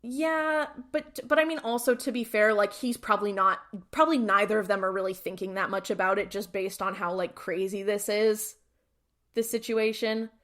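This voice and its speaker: A woman's voice: mid-range voice, steady tone, normal speed, fairly bright tone. A woman podcast co-host chatting casually, retelling scenes and acting out the characters' lines with lots of "like". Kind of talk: casual chat recapping a TV episode.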